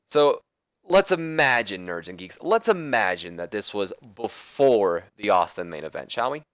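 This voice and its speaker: A man's voice: fairly low pitch, sing-song, normal speed, fairly bright tone, no echo. A man casually commenting on his wrestling management game, rambling and correcting himself as he goes. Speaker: let's play host.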